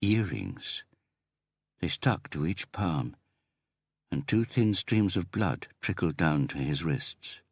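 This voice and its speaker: A man narrating an audiobook in a measured, even reading. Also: low-pitched, dry recording, studio quality. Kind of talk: scripted narration.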